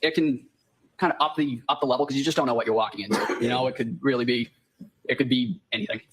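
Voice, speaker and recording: A man testifying in court as a firefighter paramedic, answering politely and in a measured way. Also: medium pitch, fairly even intonation, breathy edge, poor audio.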